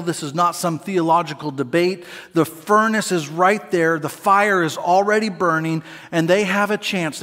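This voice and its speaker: A man preaching a sermon as pastor, conversational and animated, with playful asides to the congregation. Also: fairly high pitch. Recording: long hall reverb.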